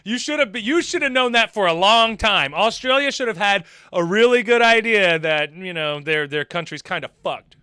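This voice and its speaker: A man's voice: high voice, lively intonation, normal speed, hardly any pauses, bright, forceful tone, smooth, no room sound. A man giving sarcastic, laughing commentary on a video he is reacting to.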